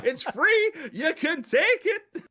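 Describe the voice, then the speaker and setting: A man's voice: very high voice, very animated, slow, sharp tone, voice pushed up, full character voice. A man putting on a drawling Southern American accent to play a friendly man who offers water in a game. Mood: amused offering.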